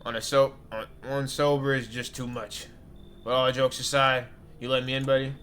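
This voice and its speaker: A man plays a boisterous, half-drunk visitor who banters loudly and brashly. He sounds pushy and jokey, a character in a horror game. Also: medium pitch, flat delivery, normal speed, slight background noise, natural voice. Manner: loud brash joking banter.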